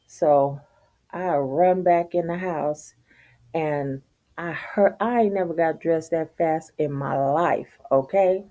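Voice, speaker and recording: Middle-aged woman vlogger, low dark voice, profane and animated storytelling rant. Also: takes it slowly, dull audio. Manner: profane, animated, laughs while telling.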